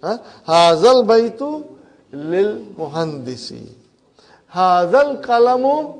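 A man teaching an Arabic grammar class, coaxing students through exercises, repeating their answers and teasing them gently. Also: high-pitched, big pitch swings, normal speed. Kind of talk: classroom lesson.

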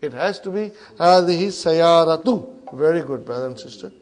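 A man teaching an Arabic grammar class, coaxing students through exercises, repeating their answers and teasing them gently. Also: a little high, lively intonation, fast talker, faint music behind. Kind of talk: classroom lesson.

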